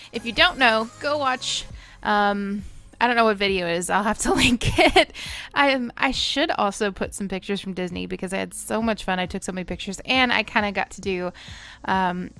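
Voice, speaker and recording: A woman's voice: medium pitch, fairly bright tone. A young woman chatting casually while building in a game, rambling, giggling often and apologizing as she goes. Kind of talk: casual chat over gameplay.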